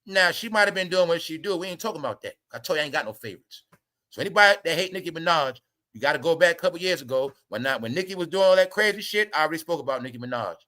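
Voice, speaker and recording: A man with a high, bright voice delivers a heated gossip commentary. He swears freely and lectures his viewers, hammering the same points again and again. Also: lively intonation, rapid-fire. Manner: heated, swearing, repetitive and preachy. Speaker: commentary channel host. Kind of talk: ranting celebrity gossip commentary.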